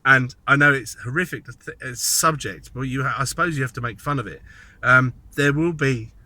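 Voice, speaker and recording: A man delivers a casual commentary monologue, his voice very bright and sharp. He rambles, thinks aloud and slips in mocking, sardonic asides. His pitch sits in a middling range for a man. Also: a little fast, no echo. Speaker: political commentator.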